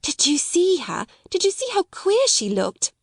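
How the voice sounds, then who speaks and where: A woman's voice: fairly high pitch, very animated, moderate pace, dry recording, clean studio sound. A woman putting on a giggly, gossipy little schoolgirl. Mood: excited.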